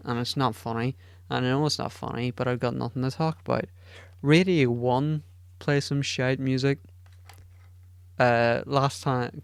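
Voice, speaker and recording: A solo podcaster chats casually, full of profanity, rambling, and self-deprecation. The voice is medium in pitch, creaky yet smooth, with no echo.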